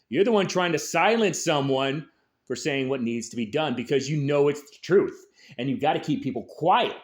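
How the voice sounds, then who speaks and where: A man hosting a show, delivering an angry, aggressive political rant full of swearing. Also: a little high. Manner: angry, aggressive, heavy swearing, shouted peaks. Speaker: host.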